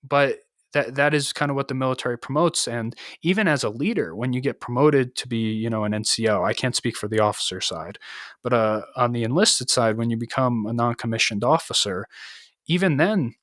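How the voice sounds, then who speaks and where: A man's voice: medium pitch, fairly quick, fairly bright tone, no echo, clean studio sound. A man, an Army NCO co-hosting a podcast, tells a story in a loose, profane, casual way, full of fillers and acted-out quotes.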